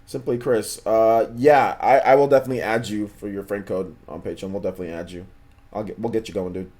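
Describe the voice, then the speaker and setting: A man's voice: on the low side, steady tone, fast, a little mellow. A man hosting a gaming livestream in casual chat, laid-back and slangy, often repeating himself while answering viewers. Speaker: livestream host.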